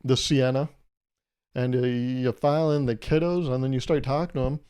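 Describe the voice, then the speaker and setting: A man's voice: medium pitch, steady tone, a little fast, mellow, clean tone. Rambling, jokey man in his twenties. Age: 20s. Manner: rambling, self-deprecating, jokey asides. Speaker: podcast host. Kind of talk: casual solo podcast monologue.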